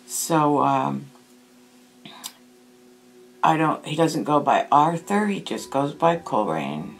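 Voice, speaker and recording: A woman spirit medium, speaking slowly and thoughtfully as she records a meditation session. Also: low voice, expressive, vocal fry. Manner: slow, hushed, thoughtful.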